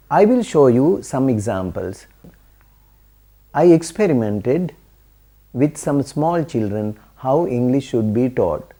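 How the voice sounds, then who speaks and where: A man's voice: medium pitch, mellow. A male English teacher explaining language learning in an earnest way, repeating his main points. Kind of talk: explanatory talk to camera.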